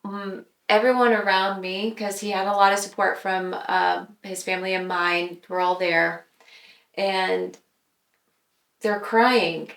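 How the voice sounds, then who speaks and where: A woman's voice: mid-range voice, steady tone, vocal fry, a bit bright. Earnest woman sharing a testimony. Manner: earnest, reflective, speaks with pauses and fillers. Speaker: podcast guest. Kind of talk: personal testimony in casual chat. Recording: roomy echo.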